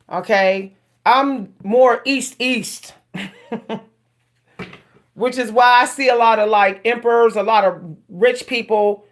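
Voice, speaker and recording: A woman's voice: a little high, a bit bright. A woman from Pittsburgh with a Pittsburgh accent, chatting casually on a tarot reading livestream and often repeating herself. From Pittsburgh, USA. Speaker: tarot reader.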